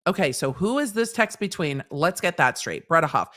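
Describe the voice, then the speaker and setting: A woman's voice: low voice, sing-song, normal speed, a bit bright. Blunt, sarcastic woman lawyer host. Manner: sarcastic, blunt, lecturing with everyday examples; swears casually. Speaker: lawyer commentator and show host. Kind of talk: reading court transcripts aloud with live commentary.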